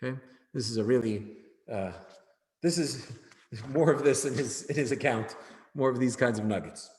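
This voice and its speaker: A man's voice: medium pitch, moderate pace, a little mellow. A man teaching an evening class in a conversational way, often checking in with "right?". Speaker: Jewish studies teacher. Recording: echoey hall.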